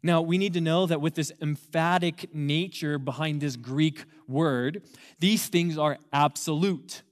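A male youth pastor in his thirties delivers a sermon in a slightly higher-pitched voice. He talks in a relaxed, storytelling way and then leans hard on key words, repeating them for emphasis. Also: a little slow. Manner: conversational storytelling opener.

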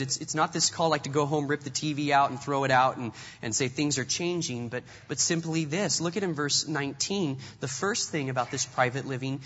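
A man's voice: fairly high pitch, a bit bright, breathy edge, long reverb tail, lo-fi sound. A man preaching a sermon with an earnest style, often repeating words as he goes. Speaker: pastor.

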